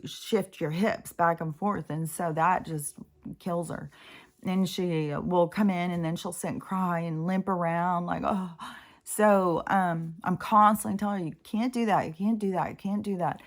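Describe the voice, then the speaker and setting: Rambling, emotional woman with a low voice. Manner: rambling and emotional, with many fillers and swearing. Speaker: vlogger. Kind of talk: casual spoken monologue.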